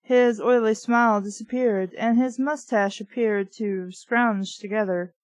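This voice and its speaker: A woman's voice: on the high side, steady tone, a little slow, few pauses, dry recording, rough recording. A woman reviewing a book by reading it aloud, breaking off for wry, sarcastic asides. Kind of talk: reading aloud with comic commentary.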